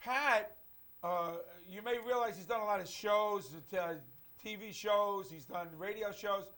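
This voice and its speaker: A man's voice: high-pitched, measured pace, bright, forceful tone. A man hosting a talk show, telling an anecdote in a rambling, admiring way with many restarts. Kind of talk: casual talk show chat.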